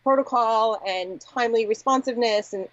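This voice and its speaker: A woman's voice: on the high side, normal speed, no room sound. A woman talks candidly and reflectively as an interview guest, her speech filled with "like" and "you know". The recording is dry and close, with a slightly dull, muffled tone. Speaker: agency founder, podcast guest. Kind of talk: conversational interview.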